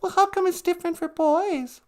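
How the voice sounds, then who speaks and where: A very high-pitched woman with a steady tone and a slightly mellow quality talks at a moderate pace. As co-host of a casual live stream, she keeps laughing while she chats and reads viewers' comments.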